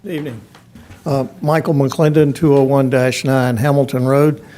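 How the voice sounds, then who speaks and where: A man at the podium of a county commission meeting, speaking in a firm, even mid-range voice. He argues his points methodically and critically, one example after another. The sound is a meeting chamber picked up by a podium mic. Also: medium pitch, moderate pace. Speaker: public commenter. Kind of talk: public comment at a budget hearing.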